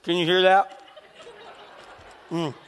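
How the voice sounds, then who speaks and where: A man preaches in a relaxed, conversational way, his voice set fairly high. His throat sounds a little scratchy. The long reverb of a large church sanctuary trails after his words. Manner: conversational preaching with a slight rasp, pauses to cough. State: scratchy voice needing a cough drop. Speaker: pastor. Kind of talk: sermon.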